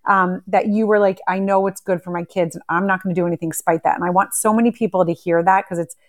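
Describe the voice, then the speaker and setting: A woman's voice: on the low side, fairly even intonation, fast talker. A woman in a casual chat, speaking earnestly and reflectively as she affirms the guest.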